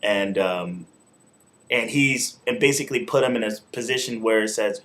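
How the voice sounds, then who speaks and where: A man with a fairly low voice talks straight to the camera in a casual review. He is loose and informal, with everyday slang and the odd curse word. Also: normal speed, fairly bright tone. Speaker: show host and wrestling reviewer. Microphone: camera mic, talking to camera.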